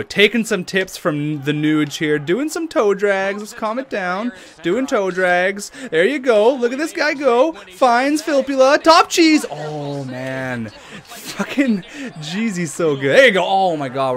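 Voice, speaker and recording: A young man giving excited, swearing commentary over a hockey video game, trash-talking and bursting into laughter. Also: a little high. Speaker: gaming YouTuber.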